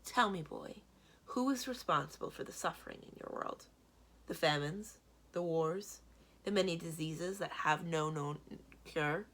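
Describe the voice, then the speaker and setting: A woman voicing a stern, commanding female guardian of a magic realm in a read-aloud storybook, speaking in a measured, lecturing way. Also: sits low, a bit bright, exaggerated voice.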